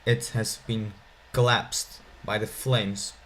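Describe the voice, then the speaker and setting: A man's voice: fairly low pitch, flat delivery, takes it slowly, a bit bright. A young man co-commentating a strategy game with the hiccups, asking playful teasing questions. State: has the hiccups. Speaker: gameplay co-commentator. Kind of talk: casual joking game commentary.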